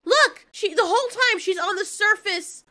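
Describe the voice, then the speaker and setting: A woman casually recapping an animated film, blunt and profane, often breaking into laughter. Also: very high voice, normal speed. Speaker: film reviewer. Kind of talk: casual movie recap commentary.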